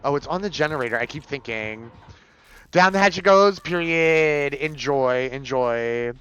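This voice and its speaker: A man streaming live, chatting casually and campily with his viewers while he plays, his pitch jumping up for excited bursts. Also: unhurried, clean tone, soft background music. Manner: chatty and campy, reading chat aloud, swinging pitch. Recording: dull lo-fi stream audio.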